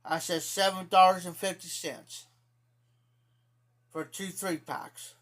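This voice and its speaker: High-voiced rambling Ohio man. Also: fairly even intonation, takes it slowly, fairly bright tone. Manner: rambling, profane, repeats himself. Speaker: live streamer. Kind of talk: casual storytelling to live chat.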